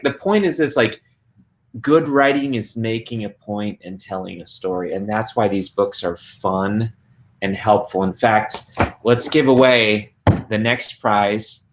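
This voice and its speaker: A man hosting a live online book launch, enthusiastic, repeating his points and speaking to the audience as folks. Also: mid-range voice. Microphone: live online video stream.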